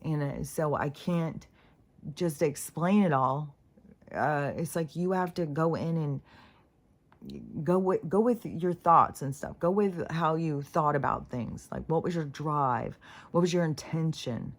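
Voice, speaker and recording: A woman's voice: low-pitched, measured pace. A middle-aged woman talking in a casual, meandering monologue, full of fillers, restarts and frequent swearing. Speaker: spiritual vlogger.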